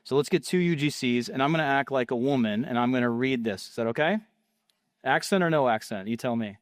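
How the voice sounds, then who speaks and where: Guy pitching marketing tips, pumped and chatty, medium voice, really dry sound. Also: brisk, smooth, no echo. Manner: energetic, salesy, conversational. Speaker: marketing speaker. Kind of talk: casual teaching talk.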